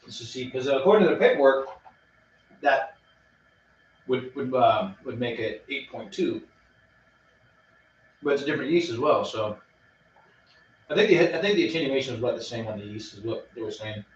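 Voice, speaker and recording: A man's voice: mid-range voice, lively intonation. A man from Washington state co-hosting a homebrewing show, chatting easily and hesitating with fillers. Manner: quick, easygoing, hesitant with fillers. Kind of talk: casual chat while brewing. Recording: roomy, distant, dull sound.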